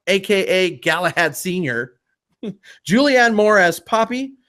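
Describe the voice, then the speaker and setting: A man's voice: high-pitched, fairly bright tone. A man hosting a movie review podcast, upbeat and chatty. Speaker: podcast host. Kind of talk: casual movie review chat.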